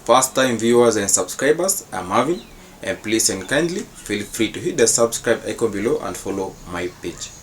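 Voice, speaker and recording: A man's voice: on the low side, very animated, moderate pace, a little hiss or hum. A man hosting his channel, giving casual reaction commentary in formal, repetitive phrasing. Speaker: channel host.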